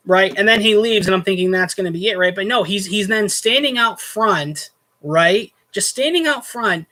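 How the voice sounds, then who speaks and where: A man's voice: sits high, normal speed, pushed and bright. A man hosting a casual show, telling a story from his hotel night shift and acting out both sides of the argument with growing indignation. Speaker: host, former hotel night clerk.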